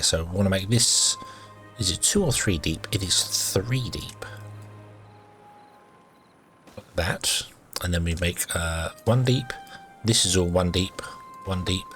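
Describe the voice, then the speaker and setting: A man's voice: low-pitched, a bit bright. A man giving rambling, casual commentary while playing a game, full of ums and uhs and self-corrections. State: has the hiccups. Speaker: gaming video host.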